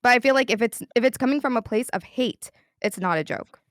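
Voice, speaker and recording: A woman's voice: fairly high pitch, animated, fairly quick, fairly bright tone, no echo, studio quality. A woman arguing casually and animatedly in an online debate. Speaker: debate participant.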